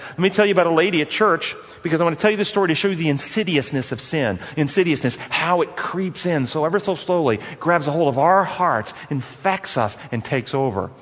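A man's voice: medium pitch, fairly bright tone. A man teaching a course on forgiveness, earnest and repetitive, telling stories and putting questions to the audience. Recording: long hall reverb.

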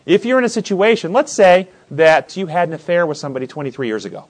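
A man's voice: sits high, fast. A man teaching a Bible study class, asking many questions and acting out the scenes he describes. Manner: questioning, animated, acts out scenes.

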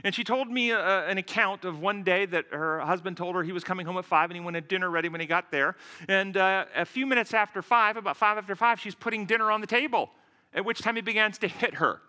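A man, a physician by profession, giving a lecture-style sermon in an earnest, deliberate way, illustrating his points with stories. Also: high-pitched, bright, forceful tone. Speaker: physician and speaker.

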